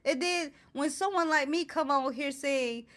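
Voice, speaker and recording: At normal speed and in a high, somewhat bright voice, a woman hosts her own show with an impassioned to-camera talk. She reads the ingredients out indignantly, firing off rhetorical questions again and again.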